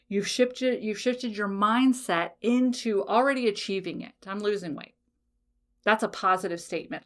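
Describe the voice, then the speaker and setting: Blunt, emphatic woman podcast host. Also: medium pitch. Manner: emphatic and blunt, swears freely, often checks in with "okay?". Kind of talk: casual motivational podcast talk.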